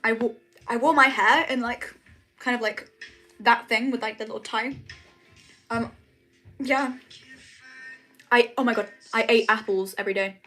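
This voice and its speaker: A woman's voice: a little high, fairly even intonation, a little slow, pauses often, pushed and bright, faint music behind. A young woman chatting casually on a livestream from her room at home, rambling with lots of "like" and "um". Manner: chatty, rambling, says "like" and "um" often. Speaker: streamer.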